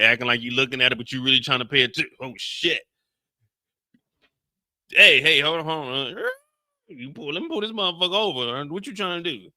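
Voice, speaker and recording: A man with a US Midwestern accent hosts a live recap stream in a bright, forceful voice. He swings between low asides and loud, outraged bursts, full of profanity. The sound is dry and close. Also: no echo. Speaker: live after-show host.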